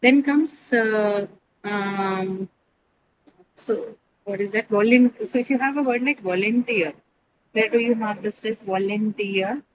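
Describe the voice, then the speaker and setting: A woman's voice: mid-range voice, slow, lo-fi sound, background noise. A woman teaching an English class, explaining word stress step by step, spelling out letters and asking her students questions.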